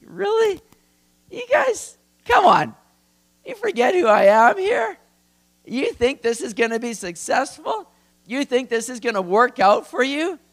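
An exasperated, mocking God figure, as a preacher puts him on, pitched far above his normal speaking voice and rising into loud, incredulous outbursts. He sounds amused and fed up with people who think they can outdo him. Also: very animated, a little slow, full character voice.

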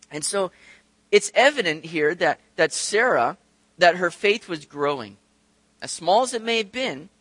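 Bright-voiced, animated male preacher. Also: sits high, no room sound. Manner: conversational, animated, acts out quoted voices, asks rhetorical questions. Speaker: pastor. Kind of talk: sermon.

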